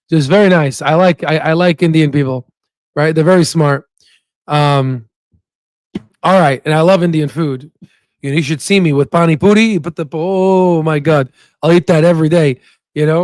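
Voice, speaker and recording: Young adult male stock host, chatty and excitable, dry recording. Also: a little high, no echo. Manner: chatty, excitable, rambling with many fillers. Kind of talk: casual livestream commentary.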